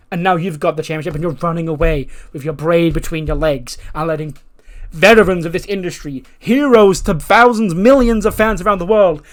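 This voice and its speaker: A man's voice: high-pitched, pitched above the performer's own voice, natural voice. A man voicing a proud veteran female wrestler who scolds in emphatic bursts.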